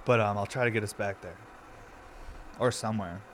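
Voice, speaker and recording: A man's voice: on the low side, fairly quick, fairly bright tone, slight background noise. A young man rambling loosely and profanely during a home smoking session, shivering from the cold. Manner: loose, unfiltered, profane, self-deprecating. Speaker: streamer and podcast host. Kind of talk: rambling casual talk.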